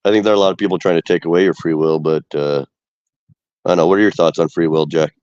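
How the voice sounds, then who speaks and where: A man with a head cold joins a stream panel, sounding nasal. His voice is very deep and he talks quickly, coming through a dull, dry lo-fi mic. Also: fairly even intonation, darkish tone, no room sound. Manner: fast, chatty. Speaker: panel guest. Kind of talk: casual panel discussion.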